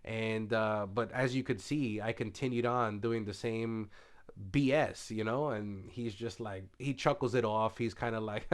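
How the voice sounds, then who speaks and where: A TV show reviewer gives a casual spoiler review, loosely retelling scenes with plenty of fillers and sometimes slipping into a hushed paraphrase of the characters. He has a lowish voice and a measured pace.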